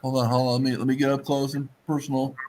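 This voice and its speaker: A man's voice: mid-range voice, flat delivery, fast talker, a little mellow, poor audio. Man, casual stream chat, playful joker who acts out little voices, slight background noise.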